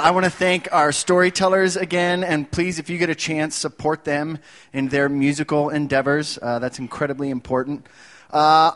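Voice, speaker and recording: Male host, light higher voice, casual profane emcee banter. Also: fairly bright tone. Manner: loose, joking, profane. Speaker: host of a storytelling show.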